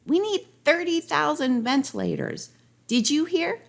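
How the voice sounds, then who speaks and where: A woman's voice: high-pitched, very animated, a little slow, gravelly, pitched above the performer's own voice, heavily acted. A woman voicing an anxious, earnest male governor in a rhyming storybook parody, pleading in a raised voice.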